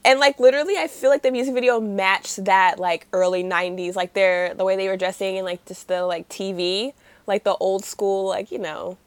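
A woman's voice: mid-range voice, fairly even intonation, normal speed, clean tone, no room sound. A young woman co-hosting a podcast, chatting casually and gushing as a fan, with lots of fillers. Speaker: podcast co-host. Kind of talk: casual chat.

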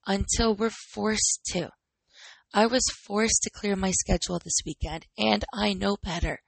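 Woman in her 30s, podcast host and trainer; candid chatty monologue with rhetorical questions, slightly husky. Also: medium pitch, no echo, low-quality recording. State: recovering from illness.

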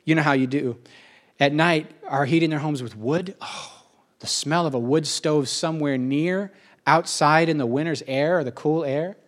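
Speaking at a fairly high pitch, a middle-aged man delivers a loose, emotional monologue. It's conversational and repetitive, with asides dropped in quickly.

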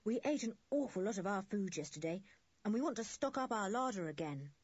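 A polite, practical schoolboy, voiced by a woman narrator speaks plainly in a storybook. The voice is breathy and the sound is dull and dry. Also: medium pitch, expressive, a little fast, darkish tone, no room sound. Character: sensible, polite older schoolboy.

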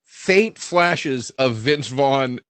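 Male comic, mid-pitched, dry close sound, rambling storyteller. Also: lively intonation, very slow, fairly bright tone, clear, resonant tone, dry recording. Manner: rambling anecdote, acting out quotes. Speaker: comedian guest. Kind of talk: casual storytelling.

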